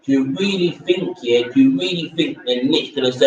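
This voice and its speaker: A man's voice: medium pitch, normal speed, hardly any pauses, very echoey. Opinionated male vlogger, rambling and blunt; distant, dull lo-fi sound. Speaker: vlogger reviewing a reality show. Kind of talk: casual opinionated chat.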